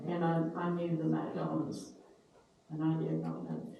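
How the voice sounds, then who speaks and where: An older woman in casual family storytelling, slow and folksy, pausing to search for names. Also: deep voice, level tone, vocal fry, muffled recording. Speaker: family elder telling stories. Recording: echoey room, distant mic, faint hiss.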